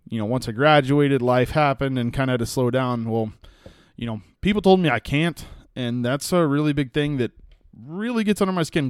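Folksy Texan man, smooth and dry. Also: mid-range voice, darkish tone, no room sound. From West Texas. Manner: rambling, folksy storytelling with frequent fillers. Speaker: podcast host and hunting guide. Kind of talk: casual solo podcast monologue.

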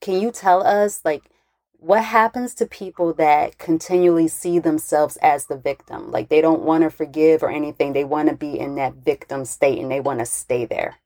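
A woman's voice: sits low, steady tone, moderate pace, darkish tone, no echo, clean studio sound. A woman hosting a faith talk interview, effusive and encouraging toward her guest. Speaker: interviewer host.

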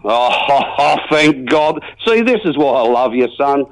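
A man with a medium-pitched voice plays a regular caller in a comedy radio sketch: a folksy, matey rural bloke with an Australian accent. He rambles and jokes, very animated but slow-paced, and the audio quality is poor.

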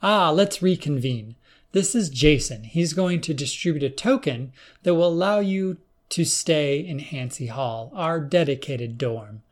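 A man's voice: a little high, animated, measured pace. A man reading an audiobook, voicing a friendly, balding older male professor with a genial manner. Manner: genial, hosting.

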